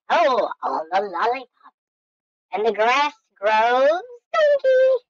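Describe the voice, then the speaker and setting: A woman hosting a let's-play game commentary, goofy and excitable, talking to herself and making silly sound effects. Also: mid-range voice, slow, no echo. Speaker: gaming channel host. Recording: dull lo-fi dry recording.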